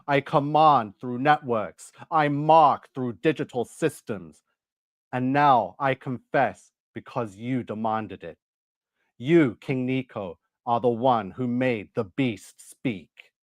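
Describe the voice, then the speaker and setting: A man's voice: mid-range voice, takes it slowly, no echo, lightly acted. A man reading aloud an AI chatbot's answers, cast as a demon making a solemn confession.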